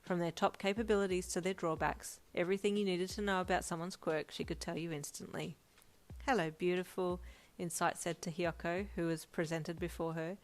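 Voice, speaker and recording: A woman narrating a second-person fanfic story in an expressive, lively manner. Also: on the low side, brisk, few pauses.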